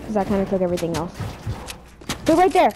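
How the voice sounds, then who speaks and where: A young woman gaming with a friend, excitable, rattling off repeated commands. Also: mid-range voice, quick pace. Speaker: gamer. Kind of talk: excited gameplay chatter. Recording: noisy game audio behind.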